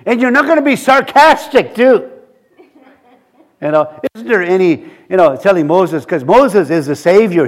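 A man preaching a sermon, halting and repeating words, acting out quotes from scripture characters. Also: fairly high pitch.

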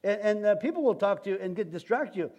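A man's voice: high-pitched, expressive, fast, darkish tone. A man preaching a sermon as pastor, in a folksy, rambling way with many restarts.

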